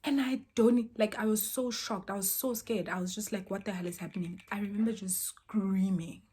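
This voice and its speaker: A young woman tells a story from her own life in a relaxed, chatty way. Her breathy voice sits at a middle pitch. She drops to soft near-whispers, then rises sharply when she acts out what people said. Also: moderate pace. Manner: animated, swings between soft near-whispers and loud exclaimed quotes. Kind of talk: casual storytime.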